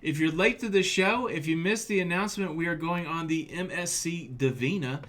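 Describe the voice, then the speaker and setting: A man's voice: on the high side, normal speed, fairly bright tone. A man co-hosting a casual live stream, joking with his wife and reading out viewer comments, with a slight chest cough. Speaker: livestream co-host.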